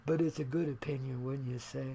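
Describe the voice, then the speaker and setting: A man's voice: medium pitch, steady tone, a little fast, gravelly, mellow, husky. An older man hosting his own radio show, talking in a folksy, laid-back, rambling way about spirit and life and laughing at his own jokes.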